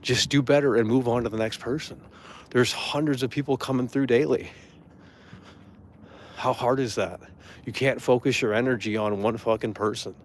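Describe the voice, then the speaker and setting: A man rants angrily and curses without holding back, his voice sitting at an ordinary middle pitch. He talks in a loose, casual way and drops into mocking impressions of the person he is complaining about. A faint hum of ambience sits behind him. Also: fairly even intonation, normal speed, pauses often. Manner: angry, profane ranting. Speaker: streamer. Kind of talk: casual ranting monologue.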